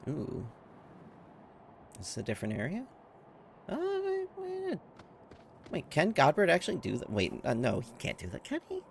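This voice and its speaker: A man streaming his reaction to a game, excitable and quick to exclaim, often laughing. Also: fairly high pitch, vocal fry, slight background noise. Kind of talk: casual video game reaction.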